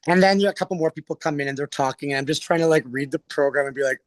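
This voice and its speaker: A Canadian drag performer telling a story with breathless, theatrical energy and acting out the voices in it. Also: male voice, on the high side, fast, hardly any pauses, no echo. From Alberta, Canada. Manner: breathless, theatrical, acts out the voices in his stories. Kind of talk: animated storytelling.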